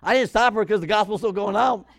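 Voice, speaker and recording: A male preacher delivering a sermon in a high voice. He is animated and acts out Bible figures in quick little voices. The recording is dry and close. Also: vocal fry, dry recording.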